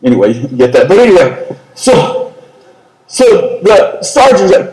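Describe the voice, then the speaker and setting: A man's voice: high voice, very animated, unhurried, a little mellow, reverberant, low-quality recording. A man preaching a sermon, telling a story animatedly and acting out the characters' lines. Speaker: pastor. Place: large church hall.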